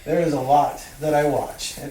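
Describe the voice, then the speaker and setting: A man's voice: on the high side, fairly even intonation, normal speed, dark tone. A man interviewing a film director, effusive and chatty, with fillers and praise. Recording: echoey room, distant mic, faint noise.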